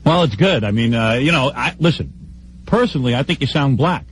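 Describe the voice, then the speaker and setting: A man's voice: medium pitch, expressive, a little fast, heavy background noise. A man hosting a radio talk show, teasing and needling his guests with pointed questions. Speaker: radio host.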